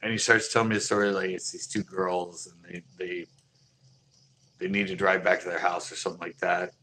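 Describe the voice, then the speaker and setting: A man's voice: low-pitched, brisk. Laid-back man telling a story. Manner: animated, acts out both sides of the conversation; laid-back slang, lots of "dude" and "like". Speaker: boutique owner telling a story. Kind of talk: casual storytelling.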